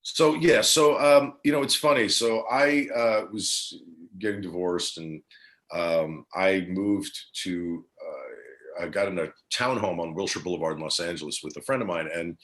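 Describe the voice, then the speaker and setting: A man's voice: sits low, measured pace, fairly bright tone. A middle-aged man from New Jersey, a guest on an interview show, telling a long rambling story and acting out the quoted lines.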